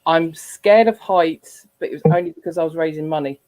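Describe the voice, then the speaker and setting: A woman's voice: low-pitched, fairly quick, lo-fi sound. A woman in her forties chatting and telling a personal story in earnest. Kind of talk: casual chat.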